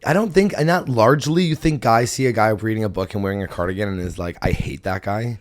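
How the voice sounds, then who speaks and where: A man with a low-pitched voice chats casually as the host of a comedy podcast. He is a young adult who tells his stories in an animated way and breaks into laughter often. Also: fast. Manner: animated storytelling with frequent laughs.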